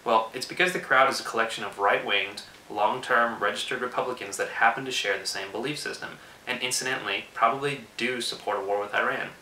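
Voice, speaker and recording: A man in his twenties talks in a bright, forceful voice, measured and persuasive. He is set back from the mic in an echoey room. Faint hiss sits under him. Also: medium pitch, fairly even intonation, recorded from a distance. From Austin, Texas. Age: 20s. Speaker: political commentator. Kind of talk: earnest scripted video address.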